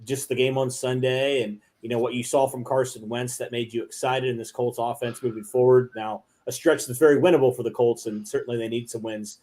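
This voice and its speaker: A man's voice: medium pitch, fairly even intonation, a little fast, hardly any pauses, warm tone. Upbeat man asking fan questions. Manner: upbeat, asks guests questions. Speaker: co-host. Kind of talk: casual chat.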